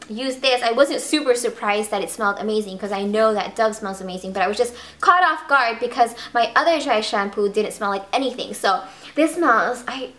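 Bubbly high-voiced young woman vlogger. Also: pushed and bright. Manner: bubbly and gushing, many ums and restarts. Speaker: beauty vlogger. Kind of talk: casual monthly favorites vlog.

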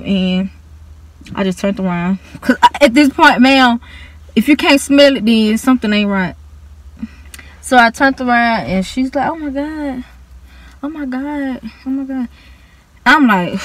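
A woman's voice: fairly high pitch, a bit bright, dry recording. A young woman, animatedly retelling an embarrassing school story in casual storytime style, with slang and dramatic emphasis. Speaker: vlogger.

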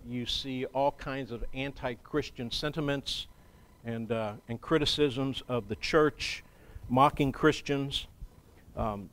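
A male pastor gives a sermon in church at a medium pitch. His delivery is measured and chatty, broken up by regular pauses.

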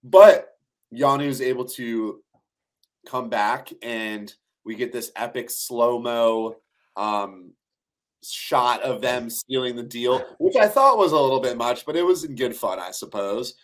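A man guesting on a podcast, recapping a reality show episode in a steady, storytelling way. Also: medium pitch, a little slow. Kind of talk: casual reality-TV recap chat.

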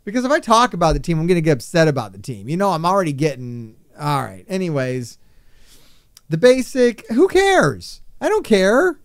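A man giving casual commentary on a mobile game update, ranting excitedly and with exasperation. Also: a little high, brisk, smooth, no room sound, studio quality. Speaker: gaming YouTuber.

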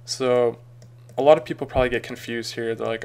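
Man, tutorial narrator; gravelly, smooth tone, loose rambling delivery. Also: mid-range voice, level tone, fairly quick. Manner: casual, rambling, frequent ums and uhs. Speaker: tutorial maker. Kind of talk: screen-recorded software tutorial.

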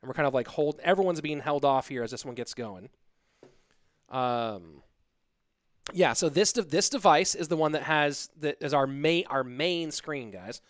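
A man's voice: on the high side, lively intonation, normal speed, dry recording, clean studio sound. A man hosting a live stream, rambling and joking casually as he talks straight to his viewers from his home setup. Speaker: stream host and caster.

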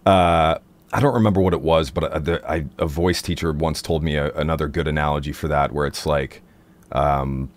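A man's voice: steady tone, fairly quick. A man hosting a casual livestream about singing technique, rambling and playful with lots of fillers. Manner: rambling, playful, drops into silly high demo voices. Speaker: singer and stream host.

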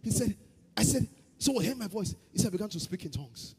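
Husky-voiced pastor preaching. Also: male voice, high-pitched, animated, fast, in a large hall. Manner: swings from loud chanted prayer to quiet storytelling. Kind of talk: sermon. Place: church hall.

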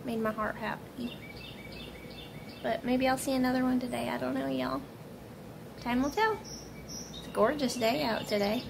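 Lady chatting to her camera, kinda rambly, fairly high voice, a little gravelly. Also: steady tone, normal speed, long pauses, noisy background. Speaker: vlogger. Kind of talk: casual chat to camera.

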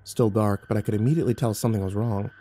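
A man's voice: fairly low pitch, fairly even intonation, very fast, dark tone. A man reading horror stories aloud, building tension and turning urgent in the action scenes. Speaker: horror story narrator. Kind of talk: dramatic horror story narration.

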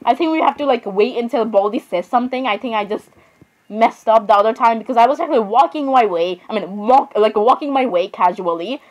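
A woman's voice: a little high, fairly quick, low-quality recording. A woman giving casual let's-play commentary on a horror game. She is chatty, giggles often, apologizes a lot and talks to the game characters. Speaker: gamer playing a horror game.

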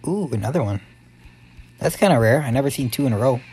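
A young man giving excitable let's-play commentary, yelping and muttering to himself as he plays. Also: mid-range voice, quick pace, slightly rough, faint music behind. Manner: excitable, yelps and mutters to himself while playing. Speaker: gaming YouTuber.

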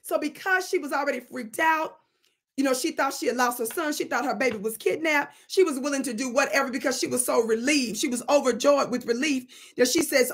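Woman channel host, high voice, animated and preachy storytelling. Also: a little fast. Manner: animated and preachy, plays with words. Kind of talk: storytelling commentary monologue.

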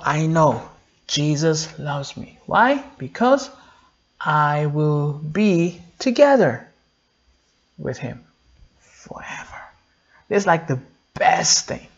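A man's voice: a little high, creaky, slightly rough. A man in his thirties giving a simple, repetitive children's sermon, asking questions and answering them himself. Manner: slow, repetitive, animated with call-and-response questions. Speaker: children's pastor. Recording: dull lo-fi sound.

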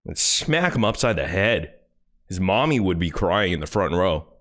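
Male streamer, low pitched, lively, furious profane taunting rant. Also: moderate pace. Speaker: live streamer reacting to a video.

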